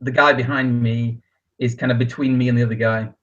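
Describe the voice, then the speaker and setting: A man's voice: mid-range voice, flat delivery, brisk, a bit bright, muffled recording. Hesitant man playing a tabletop game. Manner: hesitant, lots of ums. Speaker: player. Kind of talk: casual tabletop play.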